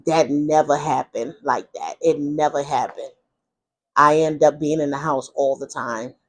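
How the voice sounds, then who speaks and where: A woman's voice: sits low, steady tone, unhurried, husky. A woman vlogger telling her own life story in a candid, casual way. She rambles frankly, restarts her sentences and adds asides.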